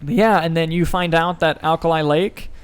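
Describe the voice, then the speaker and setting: Excitable young man, higher-pitched. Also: moderate pace, clean tone. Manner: excitable, swearing, emotional swings in pitch. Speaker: podcast co-host. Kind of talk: casual chat.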